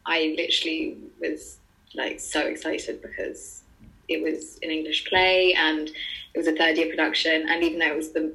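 Young Irish woman, bright and lowish voice, easy chat with laughs and fillers. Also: poor audio. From Ireland. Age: young adult. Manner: chatty, laughing, lots of fillers. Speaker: drama student guest. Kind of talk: casual chat.

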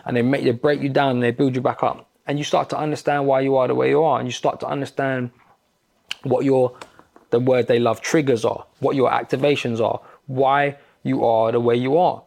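Blunt London man with gravelly voice. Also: mid-range voice, level tone, a little fast, darkish tone. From England. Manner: blunt, swears often, tells stories with quoted dialogue. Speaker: podcast guest. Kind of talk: casual chat.

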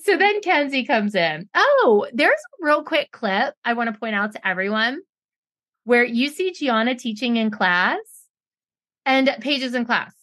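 A woman in her forties co-hosting a casual chat, recapping a show quickly and sarcastically, often mocking others in put-on voices. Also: on the high side, expressive, a bit bright, no room sound. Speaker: podcast co-host recapping a reality show.

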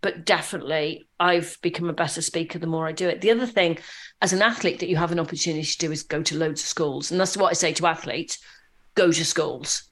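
Woman, podcast guest, casual chat, lively anecdotes. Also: sits low, fast. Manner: chatty, tells anecdotes in a lively way.

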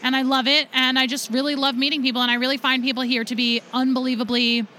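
High, bright-voiced enthusiastic woman guest. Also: little pitch movement, fast talker. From USA. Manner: enthusiastic storytelling. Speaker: podcast guest. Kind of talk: podcast interview.

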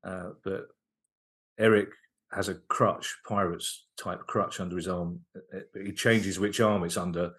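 A man with a fairly low voice tells comedy anecdotes as a podcast guest. He sounds enthusiastic and animated, tripping over his words and restarting sentences as he goes. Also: unhurried. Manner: lively, enthusiastic retelling with frequent restarts. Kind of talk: anecdotal storytelling in casual podcast chat.

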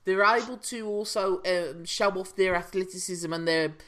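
A man's voice: sits high, normal speed. Jokey man co-hosting a podcast. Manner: chatty, jokey, lively. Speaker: podcast co-host. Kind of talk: casual chat.

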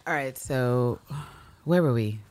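Low-voiced woman, animated and profane. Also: slow, slight background noise. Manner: animated, profane, acts out characters' lines with big pitch jumps. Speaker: podcast co-host. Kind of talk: casual recap chat.

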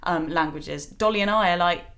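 A woman's voice: fairly low pitch, moderate pace. Frank woman co-hosting a chat. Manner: animated, frank, joking. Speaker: podcast co-host. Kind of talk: casual chat.

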